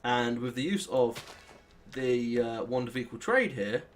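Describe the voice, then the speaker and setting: Rambling British lad narrating gameplay. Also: male voice, mid-range voice, expressive, measured pace, a little hiss or hum. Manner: rambling, self-deprecating, thinks aloud while playing. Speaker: let's play host. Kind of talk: casual gameplay commentary.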